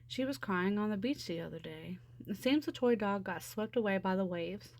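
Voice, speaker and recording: A woman's voice: medium pitch, animated, normal speed, close to an everyday voice. Scuttle, a know-it-all seagull, read by a woman. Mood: chatty. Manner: self-assured, explaining. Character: know-it-all male seagull, confident and chatty. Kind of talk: storybook read-aloud.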